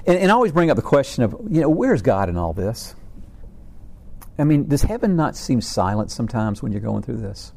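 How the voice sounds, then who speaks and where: A man's voice: mid-range voice, very animated, fairly quick, vocal fry, darkish tone. A middle-aged man giving an informal faith talk about family struggles, earnest and rambling, with many restarts and repeated words.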